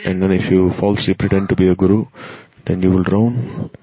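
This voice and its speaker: A man giving an earnest, admonishing devotional sermon, with pauses and fillers. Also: low voice, flat delivery, warm tone. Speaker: spiritual teacher. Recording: dull lo-fi recording.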